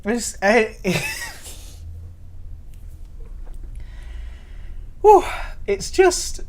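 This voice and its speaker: A man's voice: medium pitch, darkish tone. A man streaming live and reviewing biscuits in casual chat. He is giddy and laughs often between words.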